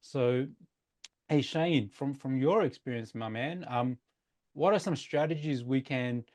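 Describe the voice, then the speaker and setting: A man's voice: mid-range voice, a little slow, darkish tone. A man hosting a casual podcast discussion, upbeat, steering topics and handing questions to his co-hosts. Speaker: podcast host.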